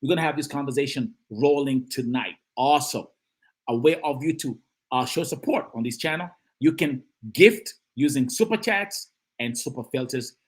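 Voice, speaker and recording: Husky, animated male live-stream host. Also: medium pitch, moderate pace. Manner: animated, emphatic, repeats phrases, greets and reads out chat. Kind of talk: live-stream political commentary.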